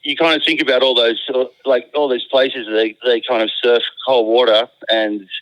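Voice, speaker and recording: A man's voice: medium pitch, fairly even intonation, moderate pace, a bit bright, no echo. An Australian man calling in as a guest, chatting casually and rambling with restarts and slang over a phone line. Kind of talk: casual chat.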